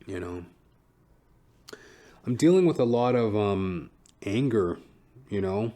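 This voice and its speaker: A man's voice: lowish voice, lively intonation, takes it slowly, dark tone. A man hosting a solo podcast who talks in a rambling, profane and reflective way. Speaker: podcast host. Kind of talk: casual solo podcast monologue.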